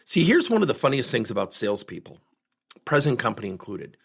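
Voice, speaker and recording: A man tells a sales story with a slightly husky voice. His pitch swings up and down a lot, and he acts out the people in his anecdotes. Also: brisk. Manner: animated, acts out quoted voices. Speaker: sales coach, podcast host. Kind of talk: storytelling talk.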